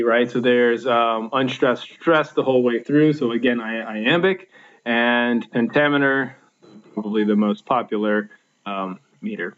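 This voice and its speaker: A man teaching a recorded lesson from his slides. He counts out beats slowly and stops often to restart with small fillers, his voice neither high nor low. The sound is muffled and lo-fi.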